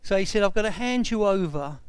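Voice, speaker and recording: A man's voice: high-pitched, a little fast, clean tone, no echo. A man in his sixties tells a personal testimony and acts out the dialogue as he recounts it. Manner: retells events with lively quoted dialogue.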